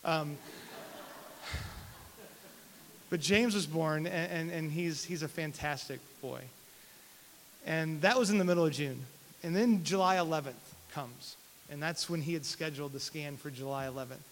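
A man telling a personal testimony story in an animated, self-deprecating way, often repeating his words. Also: on the high side, a little slow, pauses often. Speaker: speaker sharing a personal testimony. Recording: long hall reverb, faint hiss.

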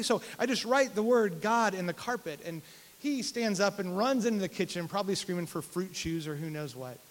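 A man telling a personal testimony story in an animated, self-deprecating way, often repeating his words. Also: high voice. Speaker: speaker sharing a personal testimony. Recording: long hall reverb, faint hiss.

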